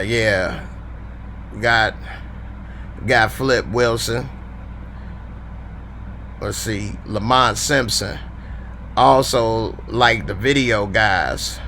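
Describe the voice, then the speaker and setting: A man's voice: mid-range voice, pushed and bright, slight background noise. A man hosting a live show, reading fan comments in a laid-back, slangy, chatty way. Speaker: show host.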